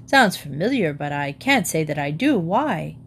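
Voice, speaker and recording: A bluff, fussy middle-aged father from a storybook, as a woman reader puts him on. He talks in lively exclamations that jump around in pitch. A faint hum sits under the recording. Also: moderate pace, creaky, exaggerated voice. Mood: hearty.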